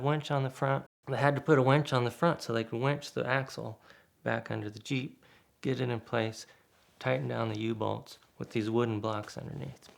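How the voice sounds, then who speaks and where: A man with a gravelly, creaky edge to his voice tells a casual anecdote. His pitch sits in an ordinary middle range. He keeps the telling lively and acts out what other people said. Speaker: guest storyteller.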